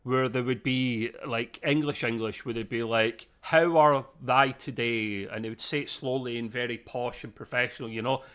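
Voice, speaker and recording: A man's voice: medium pitch, fairly even intonation, brisk, hardly any pauses, fairly bright tone. A man co-hosting a podcast, talking through a review in a casual, rambling way that often digresses. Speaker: podcast co-host.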